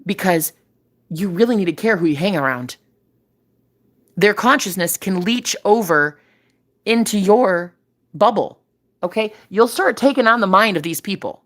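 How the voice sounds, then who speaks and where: A woman's voice: mid-range voice, animated, a little slow, pauses often. A woman giving a casual spiritual reading, emphatic and preachy, repeating phrases for effect and swearing casually. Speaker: spiritual reader. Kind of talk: casual spiritual vlog talk.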